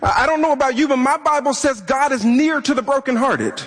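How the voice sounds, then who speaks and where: A man's voice: very high-pitched, fairly quick, fairly bright tone. A man preaching a sermon as a pastor, impassioned and often repeating words as he presses a point.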